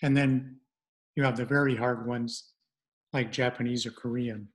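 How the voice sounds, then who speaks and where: A middle-aged man presenting an online language lesson, speaking haltingly with many fillers and restarts. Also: mid-range voice, fairly even intonation.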